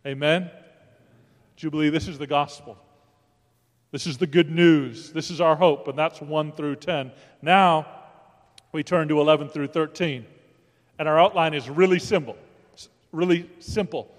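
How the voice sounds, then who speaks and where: A man's voice: fairly high pitch, a little slow, long pauses. A man preaching a sermon as pastor, emphatic and rising, often calling out to the congregation. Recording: long hall reverb.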